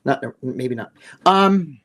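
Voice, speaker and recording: A man's voice: medium pitch, animated, takes it slowly, fairly bright tone. A man with a New Jersey accent, co-hosting a casual live chat in a blunt, rambling, profane way. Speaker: co-host.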